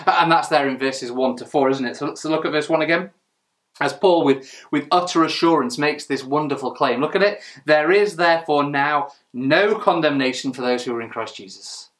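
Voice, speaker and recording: Man preaching, fairly high voice, earnest, emphatic, rhetorical questions. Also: normal speed, fairly bright tone. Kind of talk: sermon.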